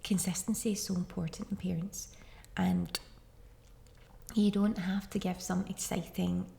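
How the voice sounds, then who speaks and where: Talking directly to parents, this thirty-something podcast host offers casual parenting advice in a chatty, reassuring monologue. Her low-leaning voice is gravelly and dark, with a sing-song lilt and a measured pace.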